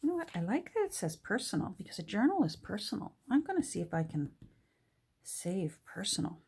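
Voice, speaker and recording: A woman's voice: medium pitch, very animated, a little fast, darkish tone, slightly rough. A woman from Canada with a Canadian accent, chatting casually and musing aloud to herself while she works on a craft project. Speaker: junk journal crafter.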